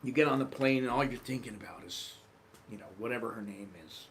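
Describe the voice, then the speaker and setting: A man's voice: mid-range voice, fast, a little hiss or hum. A middle-aged American man telling travel stories in a casual vlog monologue, acting out quoted voices. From United States. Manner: animated, acts out quoted voices. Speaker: vlogger.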